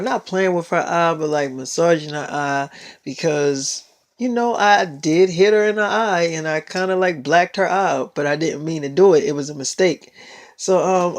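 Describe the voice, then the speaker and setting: A teenage boy telling a rambling story in a casual vlog, full of swearing and fillers. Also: fairly high pitch. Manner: rambling and heavily profane.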